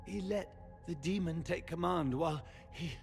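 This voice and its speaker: A dying, gravelly knight. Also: male voice, on the high side, faint music behind. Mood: urgent, bitter. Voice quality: gravelly strained whisper. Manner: halting, broken phrases. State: weak and in pain. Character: dying tortured male knight-seeker. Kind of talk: video game voice acting.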